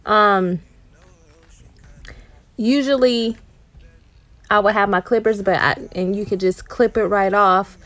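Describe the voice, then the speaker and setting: Chatty mom narrating a haircut, dry sound. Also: female voice, medium pitch, steady tone, takes it slowly, pauses often, fairly bright tone, no echo. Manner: chatty, explanatory, with frequent ums and likes. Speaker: mother and natural hair vlogger. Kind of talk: casual voice-over narration.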